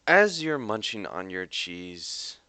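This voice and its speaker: Bright, crisp-voiced young man narrating a game. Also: fairly low pitch, sing-song, takes it slowly, no room sound. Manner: rambling with frequent "like" fillers. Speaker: game master.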